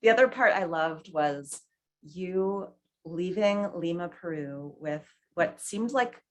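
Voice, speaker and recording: A woman's voice: fairly low pitch, animated, slow. A woman who is also a writer interviews an author at a live bookstore event. She asks questions in an engaged way and often adds short replies of agreement.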